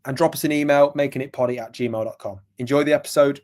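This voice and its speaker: A young man from England, co-hosting a podcast and telling stories animatedly, jumping from loud to hushed. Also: medium pitch, fairly even intonation, fast talker. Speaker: podcast co-host. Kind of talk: casual chat.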